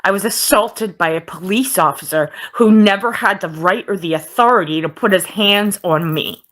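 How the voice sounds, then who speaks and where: A woman's voice: medium pitch, normal speed, fairly bright tone. A woman venting to her viewers, frustrated and holding back tears. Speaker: video auditor. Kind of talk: vlog clip.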